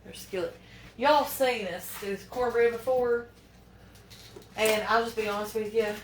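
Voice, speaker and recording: A woman's voice: a little high, fairly even intonation, measured pace, recorded from a distance, a little hiss or hum. Folksy woman cooking at home. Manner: folksy, talks to viewers while fumbling and fretting. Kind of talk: chatty cooking demonstration. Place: home kitchen. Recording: echoey kitchen from off-mic with clattering pans.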